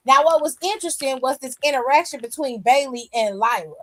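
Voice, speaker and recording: A woman's voice: sits high, lively intonation, brisk, fairly bright tone, poor audio. A woman hosting a wrestling aftershow, ranting bluntly and with lots of profanity in casual commentary. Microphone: streaming microphone.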